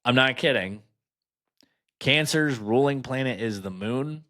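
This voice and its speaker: A man's voice: medium pitch, measured pace, pushed and bright. A man hosting a podcast, reading items aloud and riffing on them with mocking, sarcastic asides. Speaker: podcast host. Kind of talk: casual sarcastic commentary.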